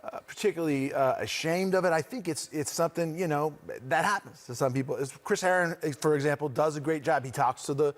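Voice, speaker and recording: A man in his forties from the Boston area talks in a relaxed, rambling way, full of fillers and restarts. His voice sits a little above the usual male range. It comes across as easygoing conversation with sports hosts. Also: fairly high pitch, quick pace, hardly any pauses. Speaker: guest actor. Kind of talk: casual chat.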